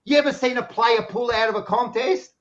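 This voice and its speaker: Combative Australian man, high voice. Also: a little fast, fairly bright tone. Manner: blunt, combative, says mate constantly. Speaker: podcast panelist. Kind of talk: heated casual debate. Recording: dull lo-fi sound.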